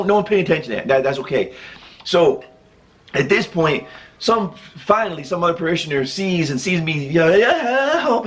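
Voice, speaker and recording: A man telling a funny personal story in a casual way, chuckling often as he goes. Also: high-pitched. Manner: animated, jokey delivery.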